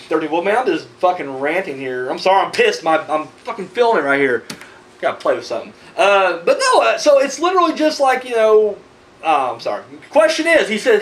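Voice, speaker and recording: A man talks in a casual video rant, swearing freely and rambling from point to point. His voice sits high and swings widely in pitch. He sounds tired and worked up. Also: a little fast, poor audio. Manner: profane, rambling, animated ranting. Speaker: horror movie vlogger.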